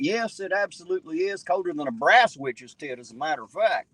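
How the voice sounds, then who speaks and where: A man's voice: a little high, expressive, brisk, a bit bright, husky, no room sound, low-quality recording. A man from southern Ohio with a slight twang, chatting folksy and profane with viewers on a live stream while driving his car. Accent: Southern Ohio, close to Kentucky and West Virginia. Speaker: livestreaming auditor. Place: in a car at night.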